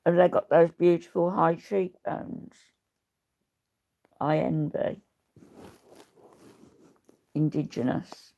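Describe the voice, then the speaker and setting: An older woman in her seventies hosts a casual livestream, chatting to her viewers. Her low, gravelly voice moves at an unhurried pace, and her manner is rambling, blunt and opinionated. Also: steady tone, mellow, lo-fi sound. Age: 70s. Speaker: livestream host. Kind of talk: casual livestream chat, reading viewer comments.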